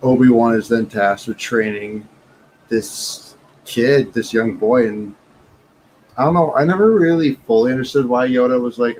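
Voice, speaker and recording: A man's voice: mid-range voice, normal speed, a little mellow, rough recording. A man with a mid-range voice rambles through his thoughts, stopping often for an "uh." There is a faint noise floor behind him. He speaks as a co-host among friends. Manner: rambling, hesitant with fillers. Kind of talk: casual chat.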